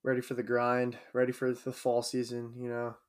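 A young man in casual chat, relaxed and agreeable. His voice sits at a middling pitch. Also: moderate pace, clean tone.

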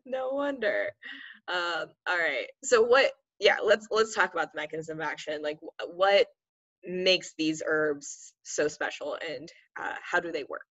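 A young woman hosts a casual podcast, upbeat and quick to laugh. Her voice sits a little low. The sound is dry and slightly muffled, with no room around it. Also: animated, fairly bright tone, no room sound. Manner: laughs often, chatty and upbeat. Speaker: podcast host and herbal medicine practitioner.

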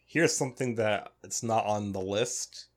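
A man's voice: on the low side, a little slow. A man co-hosting a podcast, chatting sarcastically and laughing often. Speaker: podcast co-host. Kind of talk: casual chat.

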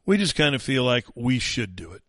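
A man's voice: mid-range voice, very animated, fairly quick, a bit bright, no echo, studio quality. A man hosting a talk show, giving sarcastic, mocking political commentary. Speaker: talk radio host.

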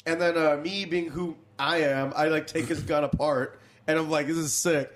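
A comedian in casual chat, telling rambling, animated stories with a lot of swearing. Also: male voice, fairly high pitch, normal speed, background noise.

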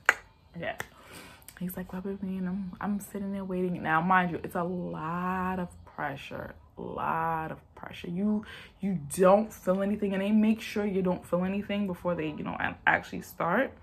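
A woman's voice: on the low side, fairly even intonation, normal speed, creaky, husky. A woman vlogger telling a personal story in a casual, rambling way and talking straight to her viewers.

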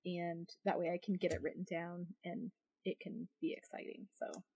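A woman's voice: lowish voice, fairly even intonation, moderate pace, warm tone, slight background noise. Laughing self-deprecating woman podcast guest. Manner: self-deprecating, laughs often, talks with many fillers. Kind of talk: casual podcast chat.

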